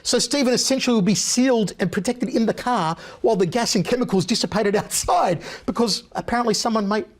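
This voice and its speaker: A man sits as a guest on a talk show and spins long, animated stories. His voice sits notably high for a man, and he slips into the voices of the people he describes. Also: quick pace, hardly any pauses. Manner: lively storyteller who mimics other people's voices. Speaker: interview guest. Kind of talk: animated anecdote-telling.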